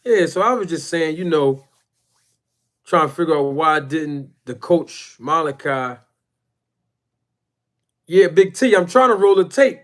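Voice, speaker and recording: A man hosting a casual boxing live stream, rambling and emphatic as he shouts out chat viewers by name. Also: a little high. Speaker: boxing YouTube channel host.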